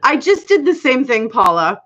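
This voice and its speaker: On a laid-back livestream, the host calls out viewers by name as she reads their comments, laughing often. She has a slight accent and a high, fairly bright voice that swings widely in pitch at a moderate pace. The audio is dull, lo-fi livestream quality.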